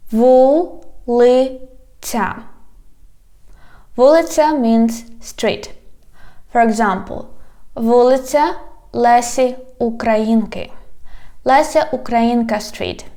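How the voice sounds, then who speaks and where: Very slow-speaking woman teacher. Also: on the high side, mellow. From Ukraine. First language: Ukrainian. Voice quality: slightly impeded pronunciation from braces. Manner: slow, deliberate, repeats words syllable by syllable. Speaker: language teacher. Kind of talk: video language lesson.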